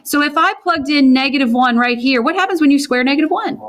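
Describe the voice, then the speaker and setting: Woman, math teacher in a classroom, brisk, quizzes the students as she works. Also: sits high. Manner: brisk, asks the class questions and answers them. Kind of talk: classroom lecture with questions to students.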